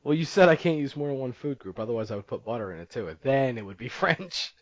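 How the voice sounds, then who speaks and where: A young man co-hosts a podcast, chatting casually, teasing his friend and laughing often. His voice is medium-pitched with lively intonation, and he talks fast. The audio is dull lo-fi podcast sound with no echo.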